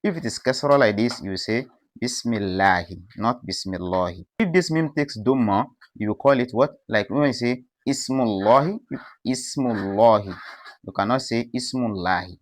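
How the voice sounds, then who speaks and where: A man teaching pronunciation, calmly explaining and posing rhetorical questions as he contrasts correct and incorrect forms. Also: medium pitch, moderate pace, hardly any pauses, no room sound. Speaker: Quran recitation teacher. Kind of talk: explanatory lesson with recited examples.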